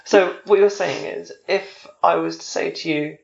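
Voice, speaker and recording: Gravelly low-voiced woman hosting a podcast. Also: fairly even intonation, normal speed, a little mellow, highs cut off. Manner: joking and teasing, swears casually. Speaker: podcast host. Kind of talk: casual interview chat.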